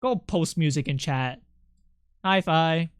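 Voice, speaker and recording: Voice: mid-range voice, takes it slowly, clear, resonant tone, no echo, studio quality. A streamer chatting casually with the audience while drawing, talking in a rambling, self-interrupting way and swearing freely. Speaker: streamer and artist.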